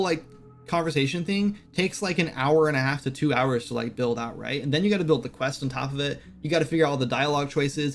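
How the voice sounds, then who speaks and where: A man hosting a casual game-development live stream, rambling with lots of "like" and "right?" fillers. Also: mid-range voice. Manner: quotes game characters in brief voices.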